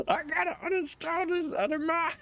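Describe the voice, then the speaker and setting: A man's voice: very high voice, fairly bright tone. A man doing casual gameplay commentary as a YouTuber, playful and laughing constantly while he reads viewer comments. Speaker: gaming YouTuber.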